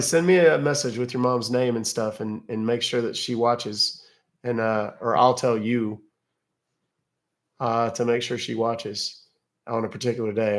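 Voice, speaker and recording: A man from Texas hosting a casual live stream, chatting loosely and reading viewer comments aloud. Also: medium pitch. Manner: chatty, loose, jokey, reads chat aloud. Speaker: livestream host.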